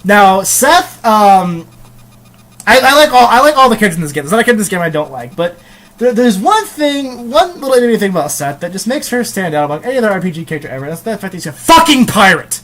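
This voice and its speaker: A man's voice: high-pitched, big pitch swings, fast, fairly bright tone, slight background noise. Rambling young male game reviewer. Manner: rambling, frequent ums and restarts, crude jokes. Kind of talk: casual review chat.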